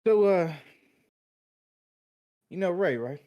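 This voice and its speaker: A man's voice: sits high, animated, slow pace, muffled recording, voice pushed up. A man putting on a cocky mob-guy drawl. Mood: flirting. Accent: New York Italian-American, put on. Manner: smooth, cocky sweet-talk.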